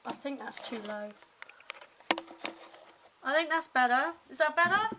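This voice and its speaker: A woman's voice: sits high, animated, unhurried, background noise. A young English woman from Hampshire with a slight London twang, chatting casually and rambling through a daily vlog on a compact camera. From Hampshire, England. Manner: chatty, rambling, self-mocking asides. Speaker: vlogger. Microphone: compact camera mic.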